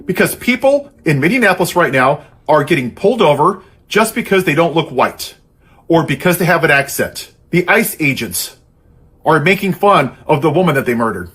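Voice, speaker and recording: Man, high-pitched, husky, angry sarcastic monologue. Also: sing-song, moderate pace, fairly bright tone. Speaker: political commentator. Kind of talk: impassioned monologue.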